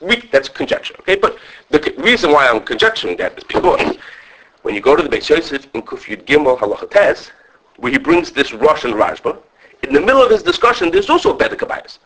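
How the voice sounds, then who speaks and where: A man teaching a lively halachic class to students. He talks quickly, restarts often, checks in with "okay", and mixes Hebrew and Yiddish terms into his English. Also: on the high side, poor audio. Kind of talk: animated halachic lecture with students.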